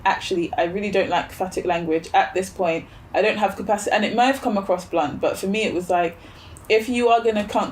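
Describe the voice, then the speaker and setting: A woman's voice: lowish voice, slight background noise. A woman as a podcast guest in casual chat, reflective, thinking aloud with fillers and rhetorical questions.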